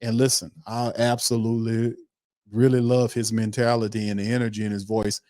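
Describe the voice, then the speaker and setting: A man's voice: fairly low pitch, level tone, a little fast, mellow, no room sound, clean studio sound. A man hosting a football commentary show, talking emphatically and repeating himself, often tagging sentences with "man". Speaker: sports commentary host. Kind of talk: casual commentary on a played interview clip.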